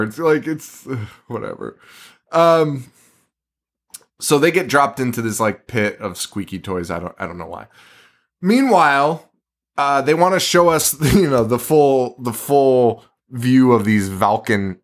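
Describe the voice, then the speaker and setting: A man's voice: medium pitch, a bit bright. A man co-hosting a podcast in a basement, retelling a movie in casual chat, laughing often and swearing freely. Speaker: podcast co-host.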